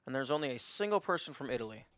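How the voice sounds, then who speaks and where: A man's voice: mid-range voice, very animated, rapid-fire, a bit bright, no room sound. A man streaming a mystery puzzle game, thinking aloud in casual muttered commentary with the odd swear. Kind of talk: let's play commentary.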